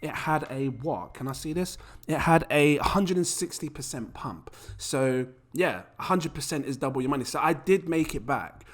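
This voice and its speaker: Chatty male YouTuber, lively pitch, rhetorical and casual. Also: normal speed. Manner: animated, chatty, rhetorical questions. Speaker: crypto YouTuber. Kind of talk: casual to-camera talk.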